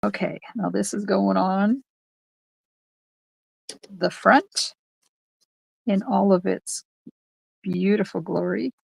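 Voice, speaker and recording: Slow, gravelly older woman crafting live. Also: mid-range voice, fairly even intonation, no room sound, low-quality recording. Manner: chatty, talks to viewers while stamping. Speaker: card-making instructor. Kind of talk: live-streamed craft tutorial. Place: home craft room.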